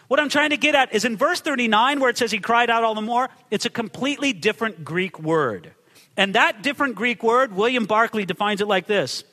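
A man preaching a sermon, reading scripture and acting out the quotes with sudden shouts and hushed drops. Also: long reverb tail. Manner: dramatic, acts out quotes with big swings in pitch and volume. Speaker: pastor. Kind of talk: expository sermon.

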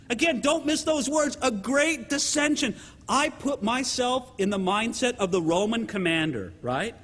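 A man preaching a sermon to his congregation in an animated way, often checking in with the listeners by asking "right?". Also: very high voice, normal speed, in a large hall. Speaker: pastor.

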